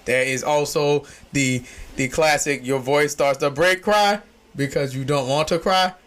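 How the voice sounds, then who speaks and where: A man hosting a casual podcast, his voice pitched high and bright with a forceful edge. He rambles through jokes in loose, slangy talk and can jump into loud, shouting bursts. The feel is off-the-cuff chat among friends. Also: unhurried. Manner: uses informal slang. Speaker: podcast host.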